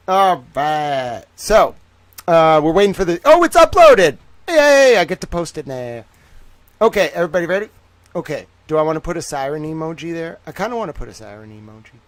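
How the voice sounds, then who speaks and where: A man's voice: a little high, animated, fairly quick, no echo. A man hosting a casual livestream, speaking in a put-on Southern drawl, playful, teasing and boastful. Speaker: livestream host.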